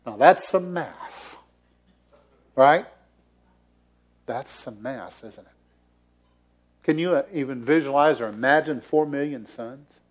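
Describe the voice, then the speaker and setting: A man's voice: mid-range voice, slow, pauses often. A man giving a sermon as the church's minister, playful and jokey, often chuckling as he talks to the congregation. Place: church sanctuary.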